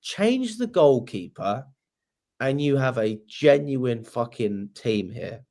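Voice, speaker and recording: A man's voice: medium pitch, big pitch swings, takes it slowly, a little mellow. A young man, hosting a casual fan livestream, chatty and swearing freely. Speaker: fan channel host.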